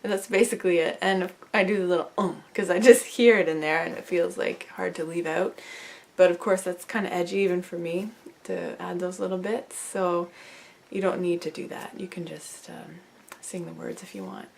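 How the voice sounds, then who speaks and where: A woman teaching a song in a relaxed, soft-spoken way, now and then singing lines slowly to demonstrate. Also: lowish voice, gravelly. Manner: soft, unhurried explaining, breaks into slow sung lines.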